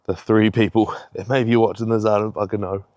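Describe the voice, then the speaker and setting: A man's voice: lowish voice, level tone, brisk, darkish tone, no room sound. A young man giving a rambling, heavily profane pep talk in a casual vlog, a little out of breath. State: slightly out of breath. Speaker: fitness vlogger.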